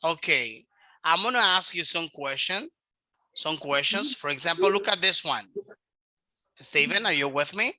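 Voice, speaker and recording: A woman teaching English to a child over a video call, speaking slowly and patiently and modelling each word's pronunciation. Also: on the low side, lively intonation, bright, forceful tone, no room sound, rough recording. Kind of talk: online class with a child.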